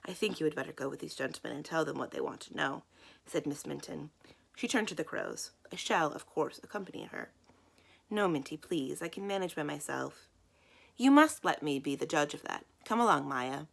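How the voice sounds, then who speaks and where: A woman's voice: sits low, brisk, gravelly, husky. A woman librarian reading a children's novel aloud, giving the characters their own voices. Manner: acts out the characters' lines in voices. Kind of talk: children's book read-aloud.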